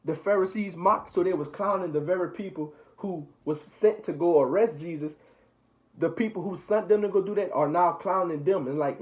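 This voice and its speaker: A young man leading a Bible study for his little brother, reading passages and retelling them in relaxed slang. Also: a little high, moderate pace, lo-fi sound. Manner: paraphrases scripture in relaxed slang. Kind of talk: casual Bible reading and explaining.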